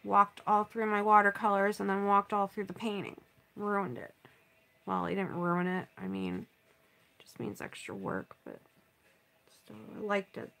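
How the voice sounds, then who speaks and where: A woman's voice: medium pitch, normal speed, vocal fry, pushed and bright. A woman chatting casually on a livestream while she paints, sighing and pouting over a setback.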